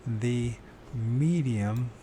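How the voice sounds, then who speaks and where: Slow, halting man reading aloud. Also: mid-range voice, dark tone, a little hiss or hum. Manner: halting reading, stumbles and corrects words, mutters to himself. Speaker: channel host reading aloud. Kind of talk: reading a book aloud with casual asides.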